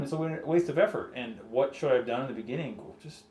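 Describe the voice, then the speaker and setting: A man's voice: medium pitch, quick pace, darkish tone. A young man talking candidly and animatedly in a casual podcast chat, laughing and swearing often. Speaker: podcast co-host. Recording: echoey room with faint noise.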